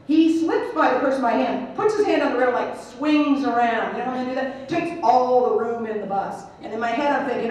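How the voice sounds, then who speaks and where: A woman's voice: high voice, a little fast, distant mic, some chatter behind. A woman giving a keynote talk at a conference, telling a story with humor and acting out the people in it. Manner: animated, acts out the people in her story with humor. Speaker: keynote speaker. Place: large conference hall. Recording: echoey hall picked up from afar.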